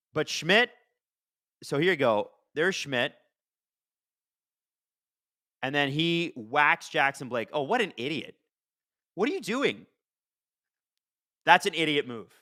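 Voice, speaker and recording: A man hosting a live watch-along of a hockey game, chatting casually and reacting excitedly to the plays. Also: a little high, no echo, studio quality. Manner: chatty, excitable, swears casually, talks to chat. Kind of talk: casual live-stream commentary.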